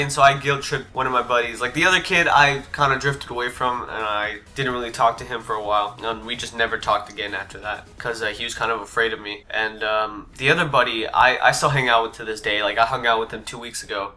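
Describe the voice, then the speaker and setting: A man's voice: medium pitch, steady tone, quick pace, hardly any pauses, sharp tone. A young man telling a personal story to his channel in a laid-back way, swearing and full of fillers. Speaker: vlogger. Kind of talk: casual storytime. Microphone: desk USB mic.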